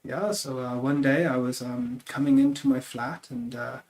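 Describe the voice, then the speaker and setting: A man putting on a halting Belarusian storyteller. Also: mid-range voice, lively intonation, a little mellow, lightly acted. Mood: deadpan. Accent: mock foreign accent, like a bad German one. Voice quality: halting, full of uh and um. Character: young man from Belarus telling a crude story, deadpan.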